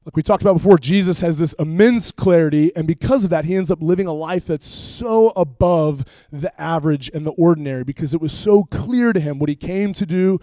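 A young man, a youth pastor, preaching and telling a funny personal story with animated, jokey asides. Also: a little high, a little fast, few pauses, no room sound, studio quality.

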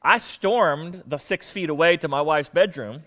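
A man's voice: fairly high pitch, unhurried, a bit bright, in a large hall. Man preaching with a self-mocking storyteller's tone. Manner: conversational, self-mocking, with many fillers. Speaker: pastor. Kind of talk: humorous storytelling sermon.

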